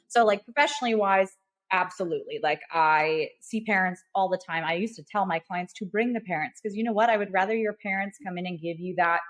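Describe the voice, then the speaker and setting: A woman's voice: mid-range voice, a little fast. Chatty woman telling a realtor story. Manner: chatty, animated storytelling with acted-out quotes. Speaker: podcast co-host, realtor. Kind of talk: casual chat, storytelling.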